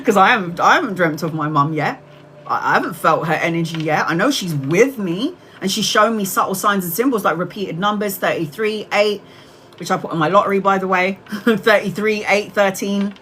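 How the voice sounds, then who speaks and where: A woman's voice: medium pitch, brisk, a bit bright, slight background noise, low-quality recording. Chatty, swearing middle-aged woman storyteller. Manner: chatty and candid, swears casually. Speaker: tarot reader livestream host. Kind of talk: casual storytelling to viewers.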